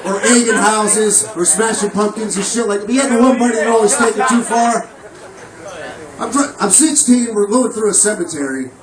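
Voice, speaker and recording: A man's voice: high voice, moderate pace. A man doing a crude, profane, rambling stand-up comedy set on a comedy club stage. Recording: roomy, distant mic, loud crowd laughter.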